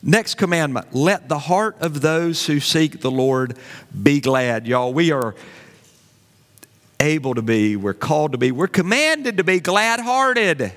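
High-voiced pastor preaching. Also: male voice, unhurried, in a large hall. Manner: animated, conversational preaching with asides. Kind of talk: sermon.

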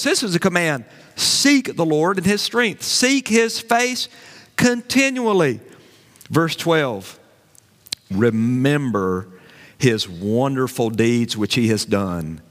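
A man preaching a sermon as pastor, animated and conversational, with folksy asides to the congregation. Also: on the high side, takes it slowly, in a large hall.

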